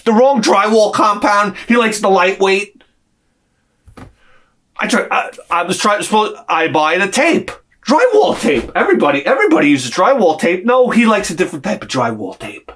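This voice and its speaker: A man's voice: sits high, sing-song, normal speed, fairly bright tone. A man telling an exasperated, profane story in a sarcastic comic rant on his vlog. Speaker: vlogger.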